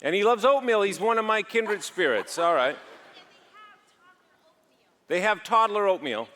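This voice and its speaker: A man's voice: high-pitched, expressive, a little slow, a bit bright. A man presenting at a marriage seminar, speaking to a live audience in a jokey, conversational way and acting out dialogue.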